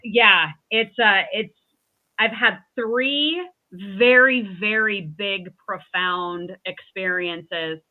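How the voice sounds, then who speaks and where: A woman's voice: mid-range voice, very slow. A woman host speaking earnestly and thoughtfully in a casual interview over a video call. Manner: thoughtful, earnest, some restarts. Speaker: podcast host. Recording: tinny call audio.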